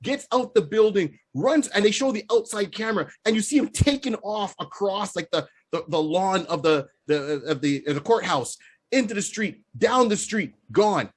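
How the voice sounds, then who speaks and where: Husky high man telling stories. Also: moderate pace. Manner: laughing, excitable storyteller. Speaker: podcast co-host. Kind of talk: casual storytelling chat.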